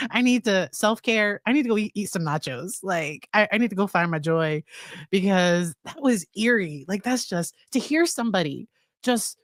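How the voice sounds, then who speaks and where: A woman's voice: medium pitch, sing-song, moderate pace, dry recording. Chatty woman psychologist, dry close sound. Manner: chatty, addresses her live chat directly. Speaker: clinical psychologist hosting a live stream. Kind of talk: casual live-stream commentary on a trial.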